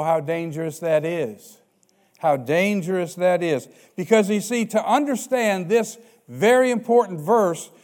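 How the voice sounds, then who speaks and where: Male pastor, high-pitched, emphatic sermon delivery with dramatic volume swings. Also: a little mellow. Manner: emphatic, rising and dropping volume, dramatic slow quoting of verses.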